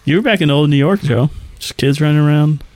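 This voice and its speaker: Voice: medium pitch, a little fast, a little mellow, poor audio. A co-host in casual chat, chiming in with teasing questions and jokes. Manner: teasing interjections.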